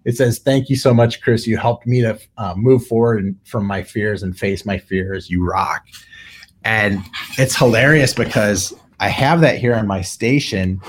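Middle-aged male guest, low voice, animated storyteller who mimics others' lines. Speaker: guest, tattoo artist. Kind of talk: storytelling in casual conversation.

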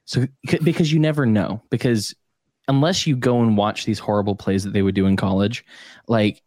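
A man's voice: on the low side, steady tone, brisk, a little mellow, no echo, clean studio sound. A man hosting a podcast, chatting casually in a rambling, jokey way and laughing often. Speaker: podcast host.

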